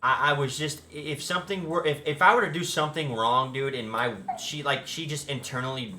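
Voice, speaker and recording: Brief: young male streamer, bright and fairly high voice, slangy and dramatic storyteller. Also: brisk. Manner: excitable, slangy, dramatic retelling. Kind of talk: casual storytelling chat.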